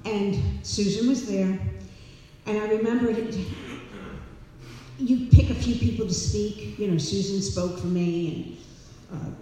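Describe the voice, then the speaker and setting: A woman sharing her personal recovery story with an audience, warm and animated, laughing and repeating herself as she talks. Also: medium pitch, a little hiss or hum. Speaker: speaker at a recovery meeting. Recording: echoey hall, distant mic.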